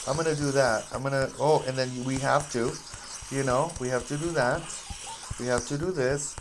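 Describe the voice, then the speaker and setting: A man's voice: mid-range voice, noisy background. A man giving casual, rambling gameplay commentary, goofy and self-mocking as he plays.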